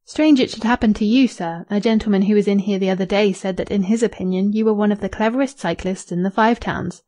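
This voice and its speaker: A woman reading the lines of a reserved foreign male hotel waiter in an audiobook, calm, low and formal. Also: fast talker, close to an everyday voice.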